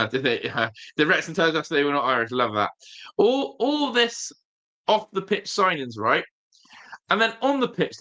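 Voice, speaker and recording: A man's voice: high-pitched, sharp tone. A man hosting a casual football fan stream, talking straight to viewers, emphatic and often repeating his phrases. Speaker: football fan channel host.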